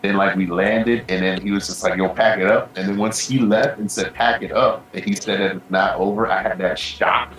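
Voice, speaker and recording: A man's voice: on the low side, steady tone, moderate pace, hardly any pauses, a bit bright, reverberant, slight background noise, poor audio. A man co-hosting a podcast, telling a long story casually, swearing freely and peppering it with "bro". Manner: profane, rambling storytelling with lots of "bro". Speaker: podcast co-host.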